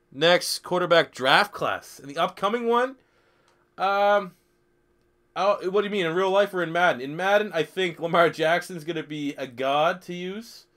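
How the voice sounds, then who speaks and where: In a high, fairly bright voice, this young streamer takes his time while playing a football video game live. He swears freely, cracks jokes, and reads out questions from chat in casual commentary.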